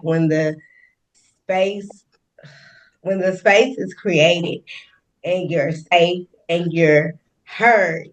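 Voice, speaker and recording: A woman speaking candidly as an interview guest, lively and expressive, often breaking into laughter and pushing her voice up for emphasis. She sounds set back from a somewhat muffled microphone. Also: fairly low pitch. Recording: distant muffled mic.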